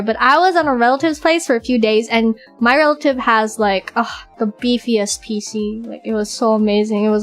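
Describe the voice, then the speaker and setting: Woman streamer, casual chat, high voice, excitable, animated quoting.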